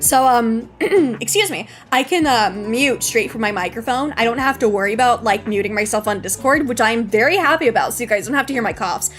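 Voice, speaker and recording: Young woman, high voice, streamer chatting to viewers, rambling, tired, teary, nervous laughs, faint music behind. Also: animated, a little fast, fairly bright tone. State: tired, on the verge of tears. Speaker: VTuber streamer. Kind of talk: casual live-stream chat. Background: faint background music.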